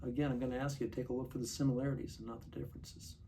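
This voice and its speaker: A man in his sixties giving an earnest personal recovery testimony, confiding and slowing down for vivid details. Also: medium pitch, flat delivery, dark tone. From Montana. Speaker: recovery speaker. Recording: distant mic, faint room noise.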